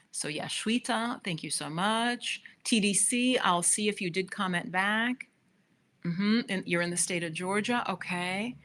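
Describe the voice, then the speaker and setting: A spiritual manifestation coach hosts a live stream, coaching her viewers while sharing a personal story and often turning aside to speak straight to them. Her voice sits fairly low with a slightly bright quality.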